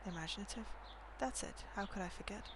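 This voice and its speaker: A woman voicing an old woman quietly recalling a dream about her lost son, in a soft, hushed, reflective reading. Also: mid-range voice, brisk, heavy background noise, lightly acted. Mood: wistful.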